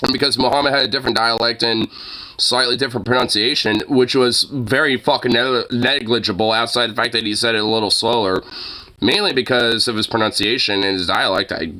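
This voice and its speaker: A man's voice: mid-range voice, fairly even intonation, fairly quick, bright, forceful tone. A young man reacting to news clips in a casual, exasperated way, swearing a lot and rambling with fillers. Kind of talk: casual profane reaction commentary.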